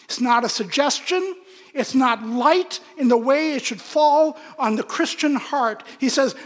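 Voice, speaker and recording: A pastor preaching an earnest, emphatic sermon in a church. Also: male voice, extremely high pitch, measured pace, fairly bright tone. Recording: long hall reverb.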